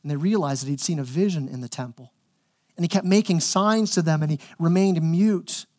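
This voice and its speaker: Pastor, high voice, easygoing sermon, jokey asides. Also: male voice, brisk, darkish tone. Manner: conversational, humorous, with frequent "right?" asides.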